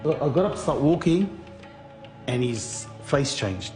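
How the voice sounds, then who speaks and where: Faint music plays behind a man with a medium-pitched, darkish voice and big pitch swings as he tells an interviewer how he got scammed. His animated account is full of halting restarts, and he performs what others said.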